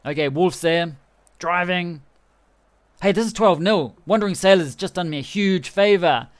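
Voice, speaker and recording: Male streamer, higher register, chatty and excitable play-by-play. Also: normal speed, clean tone. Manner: excitable, chatty, laughing often. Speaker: game streamer. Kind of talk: live game commentary.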